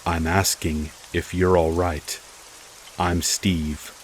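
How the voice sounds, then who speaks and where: Brief: slow, manipulative drunk country neighbor, deep and low, put on by a male storyteller. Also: little pitch movement, a little hiss or hum. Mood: menacing.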